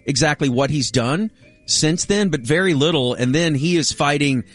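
A man's voice: fairly high pitch, normal speed, soft background music. A middle-aged man hosting a radio show, telling a self-mocking story in casual banter.

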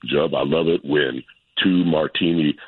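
A man's voice: a bass voice, fairly even intonation, measured pace, husky, no echo. A man calling in to a radio show, stammering and gushing about the hosts, heard over a phone line. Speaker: caller. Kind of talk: excited radio call.

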